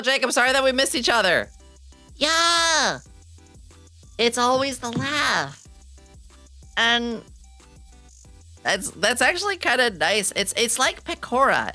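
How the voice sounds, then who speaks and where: Giggly low-voiced young woman streamer. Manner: excitable, giggly, swears casually, reads chat aloud. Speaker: VTuber streamer. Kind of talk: casual chat stream.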